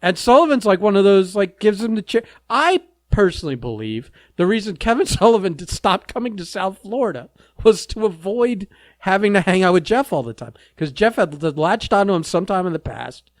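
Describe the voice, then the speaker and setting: Podcast guy ranting, swears a lot, highish bouncy voice, dry close sound. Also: very animated, a little fast, no echo. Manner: blunt, profane ranting with frequent laughter. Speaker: podcast co-host. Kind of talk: casual podcast chat.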